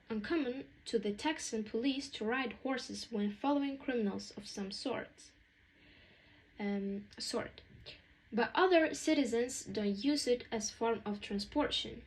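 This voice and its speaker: A woman's voice: fairly high pitch, rough recording. A young woman reading a school presentation aloud, plainly and with small slips. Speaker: student presenter.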